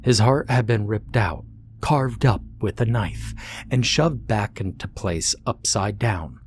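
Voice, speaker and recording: A man narrating a horror story in a measured, deliberate scripted reading. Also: on the low side, slight background noise.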